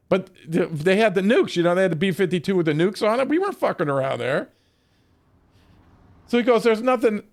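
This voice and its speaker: A man with a notably high-pitched voice spins a long, rambling yarn between moments of gameplay. He swears freely, trips over his own restarts and keeps breaking into laughter. He sounds middle-aged and casual, like a streamer chatting to his viewers. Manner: profane, rambling, laughs often. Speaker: game streamer. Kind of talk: casual storytelling during a game stream.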